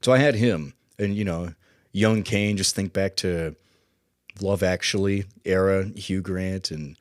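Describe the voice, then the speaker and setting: A man co-hosting a podcast in a relaxed, casual film chat, often chuckling. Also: low voice, measured pace, no echo, studio quality. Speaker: podcast co-host.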